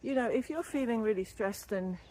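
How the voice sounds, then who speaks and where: A woman's voice: a little high, a little fast, a little mellow. Breathless older woman chatting while walking. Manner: rambling, chatty, laughs easily. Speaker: wellbeing vlogger and former yoga teacher trainee. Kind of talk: casual walking vlog talk. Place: outdoors walking along a canal. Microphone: built-in camera or phone mic, no separate microphone.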